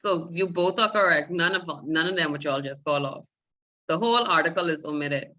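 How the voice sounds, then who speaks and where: A woman's voice: deep voice, moderate pace, bright, forceful tone, lo-fi sound. A woman teaching a beginner Spanish class, explaining patiently step by step and calling on students.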